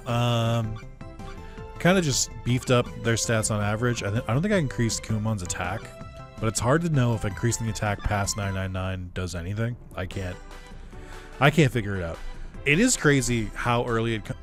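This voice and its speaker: A man giving casual gaming commentary, rambling and laid-back with lots of fillers and some swearing. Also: medium pitch. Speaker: let's play commentator.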